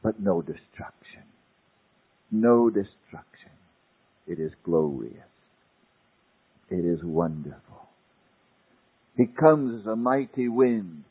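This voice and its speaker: Husky man preaching over a tinny line. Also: low-pitched, expressive, takes it slowly, long pauses. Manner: dramatic swings from loud to hushed. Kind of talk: sermon. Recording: tinny phone-like old sermon tape.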